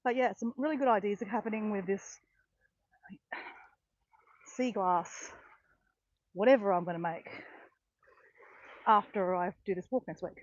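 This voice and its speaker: A woman chatting excitedly to live viewers on a phone while walking outdoors on a beach. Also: medium pitch, measured pace, pauses often, no echo. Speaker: walking vlogger on a live stream. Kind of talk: casual chat to live viewers. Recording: dull lo-fi phone audio.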